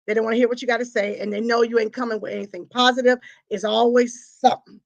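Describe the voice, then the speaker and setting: A woman's voice: on the high side, fairly even intonation, fast, vocal fry, lo-fi sound. Emphatic woman preaching to a live audience. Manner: emphatic, repeats phrases, acts out confessions. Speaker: host of a live talk.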